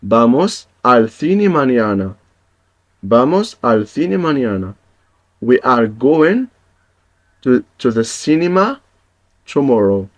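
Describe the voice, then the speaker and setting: A man's voice: mid-range voice, sing-song, slow pace, pauses often. A man teaching a Spanish lesson in English, patiently repeating each example and checking in with his viewers. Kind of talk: language lesson.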